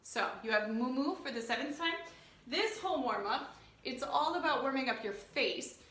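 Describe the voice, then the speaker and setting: Bright, lively woman leading choir warm-ups. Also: high-pitched, moderate pace, echoey room. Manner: encouraging, playful, sings example phrases. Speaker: choir director. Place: home room, rain outside.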